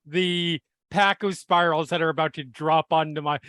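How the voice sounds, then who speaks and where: A man's voice: on the high side, steady tone, normal speed, a bit bright, smooth, no room sound, studio quality. A man playing a tabletop game, joking and thinking aloud about his moves. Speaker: player.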